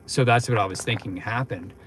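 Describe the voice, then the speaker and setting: A man's voice: lowish voice, fairly quick, a bit bright, a little hiss or hum. A young man hosting a livestream, telling a long story in a casual, rambling way with lots of fillers and restarts. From Philadelphia, United States. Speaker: livestream host.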